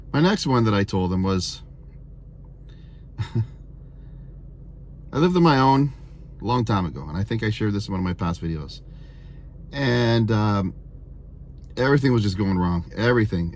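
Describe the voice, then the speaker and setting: A man's voice: on the low side, lively intonation, normal speed, long pauses, darkish tone, a little hiss or hum. A man in his fifties earnestly telling personal faith testimonies in a rambling way, repeating himself and using many fillers. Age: 50s. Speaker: vlogger sharing testimonies.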